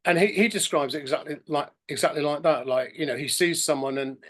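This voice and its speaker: A middle-aged podcast guest with a fairly high, fairly bright voice tells long, rambling stories at a quick pace in a casual interview. He often restarts his sentences and acts out what others said.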